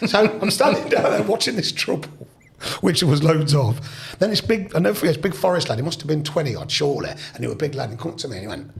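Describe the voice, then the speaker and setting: A man's voice: on the high side, very animated, racing, vocal fry, breathy edge. A man in his sixties with a Leicester accent, a podcast guest telling rambling anecdotes in casual chat. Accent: Leicester English. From Leicester, England. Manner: rambling, anecdotal, full of restarts and quoted dialogue.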